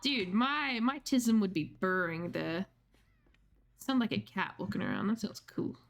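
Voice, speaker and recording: A woman's voice: mid-range voice, expressive, a little slow, gravelly. A woman streaming a video game, chatting casually with her viewers, reading out their messages and answering them, with casual swearing. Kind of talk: casual gaming livestream chat.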